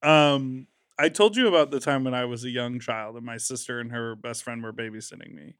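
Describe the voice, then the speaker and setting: A man's voice: medium pitch, a little fast, smooth, no room sound, clean studio sound. A young man from Chicago, co-hosting a casual chat and telling profane stories full of fillers. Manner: animated, profane storytelling with many fillers. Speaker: podcast co-host.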